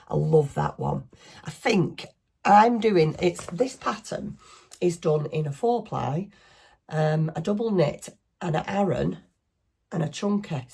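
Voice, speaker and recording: Middle-aged Northern English woman, craft vlogger, low and husky, rambling self-deprecating chat. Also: mellow. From northwest England.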